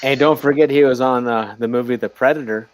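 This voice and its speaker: A man's voice: mid-range voice, steady tone, a little fast, dull audio. A man appearing as a guest, chatting casually in a hesitant way with repeated words. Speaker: guest, aquarium shop owner. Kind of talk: casual chat.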